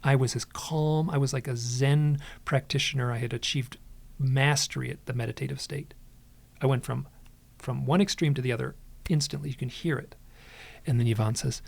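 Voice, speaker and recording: Gravelly man telling an animated story. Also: medium pitch, normal speed, dry recording. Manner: dramatic retelling, frequent restarts. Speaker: podcast guest, author.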